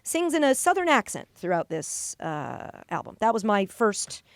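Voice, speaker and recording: A woman's voice: mid-range voice, big pitch swings, moderate pace, no room sound, studio quality. A woman in her thirties hosting a podcast in casual chat, blunt and joking, swearing now and then. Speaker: podcast host.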